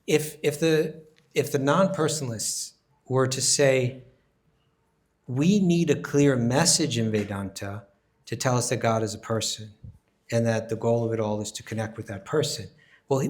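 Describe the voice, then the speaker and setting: A man teaching a scripture class, answering questions in an animated, emphatic way and often repeating words as he thinks. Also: medium pitch, normal speed.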